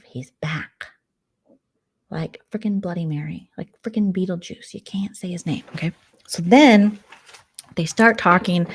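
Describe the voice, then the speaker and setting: A young adult woman vlogger doing casual late-night commentary, retelling drama in a gossipy, sarcastic, animated way. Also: fairly low pitch, vocal fry.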